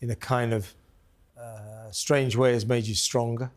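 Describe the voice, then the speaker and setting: A man's voice: mid-range voice, flat delivery, a little slow. A man hosting a TV interview, asking questions in a hesitant way with frequent fillers and restarts. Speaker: talk show host. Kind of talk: conversational TV interview.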